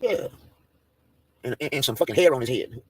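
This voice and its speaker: A man's voice: mid-range voice, lively intonation, moderate pace, a little mellow, slightly rough, dry recording. A man in a profane, taunting livestream rant, mocking and daring his targets.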